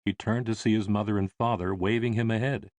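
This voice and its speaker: A man reading an audiobook in measured, expressive scripted narration. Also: fairly low pitch, dry recording.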